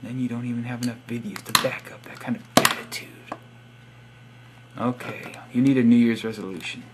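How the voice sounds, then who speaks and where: A young man, working as a vlogger, gives subscriber shoutouts by reading their profiles aloud in a casual monologue full of sarcastic teasing and wry asides. His voice sits at medium pitch with a steady tone and a fairly quick pace. The recording is very noisy.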